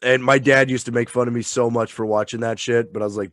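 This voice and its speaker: A man co-hosting a casual chat who talks in an excited, rambling, profane way and sounds tipsy. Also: mid-range voice, quick pace, dry recording, clean studio sound. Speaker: podcast co-host.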